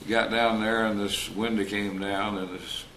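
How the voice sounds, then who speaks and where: An older retired wildlife officer telling folksy stories in an interview, acting out the voices of the people in them. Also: male voice, on the low side, sharp tone. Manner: folksy, anecdotal, acts out quoted dialogue. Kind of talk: storytelling interview. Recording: roomy recording with faint noise.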